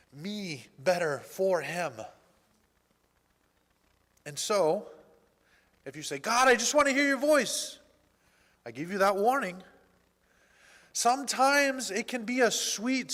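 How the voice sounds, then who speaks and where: A male pastor giving a personal testimony in a church, telling his story in an animated way and acting out the dialogue. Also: sits high. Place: church sanctuary. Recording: reverberant church hall.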